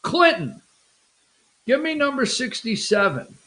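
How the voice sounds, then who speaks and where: A man hosting an opinionated political talk show, rambling and animated, with jokey asides. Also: very high voice, measured pace.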